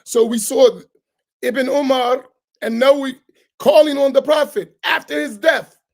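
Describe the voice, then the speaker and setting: A man's voice: very high-pitched, steady tone, a little slow, gravelly. A man, an imam, teaching a religious class in a heated, sarcastic way full of rhetorical questions. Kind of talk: heated religious lesson, argumentative.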